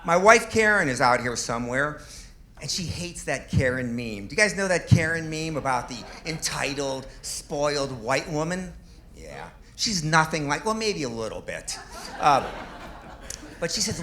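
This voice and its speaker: A man's voice: fairly high pitch, sing-song, moderate pace, sharp tone. A man in his fifties doing a stand-up comedy set on a club stage, delivering self-deprecating punchlines with little chuckles.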